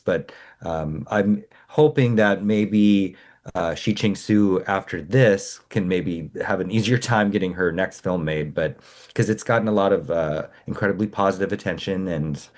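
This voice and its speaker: A man's voice: on the low side, a little mellow. A man co-hosting a film review podcast, thoughtful and a little hesitant as he compares films in casual conversation. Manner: thoughtful, hesitant with fillers and restarts, draws comparisons to other films.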